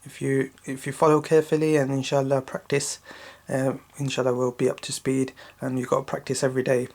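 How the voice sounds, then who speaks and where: A man teaching children to recite a Quran chapter, explaining letter sounds slowly and often checking in with "yeah?". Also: completely flat delivery. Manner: slow, repetitive explaining with frequent checking "yeah?"; intones Arabic verses louder and higher when reciting. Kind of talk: patient recitation lesson for children.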